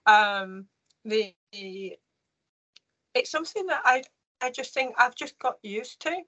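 Woman, 50s, interview guest; crisp bright tone, emotional, earnest storyteller. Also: a little high, lively intonation, rough recording. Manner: earnest, emotional, halting restarts. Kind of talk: personal storytelling in conversation.

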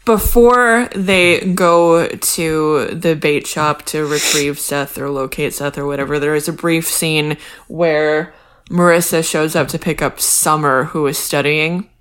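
A woman's voice: low-pitched, steady tone, unhurried, fairly bright tone, clean tone. A woman co-hosting a casual podcast, talking through a TV show with dry, self-deprecating humor. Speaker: podcast co-host. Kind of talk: casual chat recapping a TV show.

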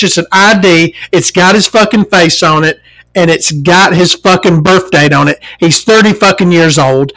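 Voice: medium pitch, a bit bright, low-quality recording. A forty-year-old vlogger telling an angry, profanity-laced story and mimicking the people in it. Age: 40s.

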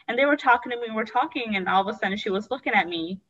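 A woman's voice: on the high side, expressive, rapid-fire, fairly bright tone, lo-fi sound. A young adult woman, a guest, candidly telling an emotional personal story and acting out the voices she quotes.

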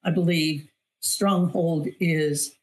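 Her deep, dark voice stays fairly even and slow as she gives a personal testimony as an interview guest. A middle-aged author and weight loss coach, she speaks earnestly and with emphasis, frequently repeating phrases for weight.

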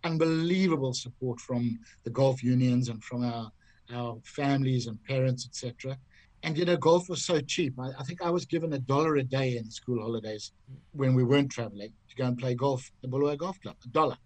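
An older man from Zimbabwe telling golf stories in a lively, theatrical way. His voice sits at an ordinary middle pitch, and he throws in little impressions of the people in his tales. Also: a little fast, no room sound, poor audio. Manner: lively raconteur who acts out other people's voices. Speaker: guest, golf commentator. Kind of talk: anecdotal storytelling.

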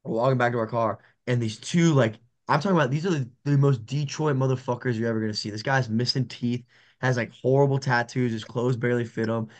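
A man's voice: mid-range voice, fast talker. A man, an MMA fighter co-hosting a podcast, telling fight stories in casual chat and acting out the quotes with laughter. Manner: animated, laughing storyteller, acts out quotes.

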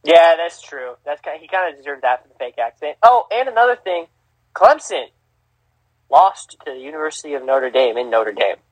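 Brief: fired-up male sports podcast host, slightly high voice, dry close mic. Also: normal speed, dry recording, rough recording. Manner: animated, emphatic, swears freely, restarts a lot. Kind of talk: casual sports talk.

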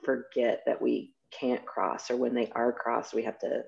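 A woman's voice: extremely low pitch, little pitch movement, measured pace, vocal fry, darkish tone. A woman in her forties talking candidly and frankly in a casual conversation. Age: 40s. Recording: dull lo-fi sound.

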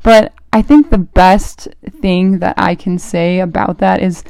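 A young woman in college hosting a casual faith talk, chatty and animated, with lots of "like" fillers. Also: medium pitch, vocal fry, clear, resonant tone, dry recording, clean studio sound. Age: young adult, college student. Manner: chatty and animated, full of "like" fillers, quick laughs. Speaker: podcast host.

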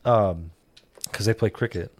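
A man co-hosting a podcast, chatting casually, skeptical and halting, with frequent restarts. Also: on the low side, darkish tone, dry recording. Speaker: podcast co-host. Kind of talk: casual chat reviewing a web series.

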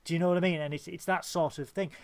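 A man's voice: on the high side, fairly even intonation, very fast. A man co-hosting a casual podcast, swearing freely and telling rambling stories. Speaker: podcast co-host.

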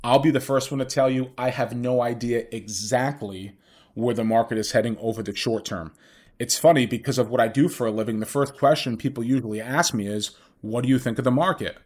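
A man's voice: mid-range voice, fairly even intonation, fairly quick, a little mellow. A man hosting his own podcast talks in a mid-range voice. He explains money matters step by step, like a financial planner, and keeps asking his listeners questions. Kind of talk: solo podcast monologue.

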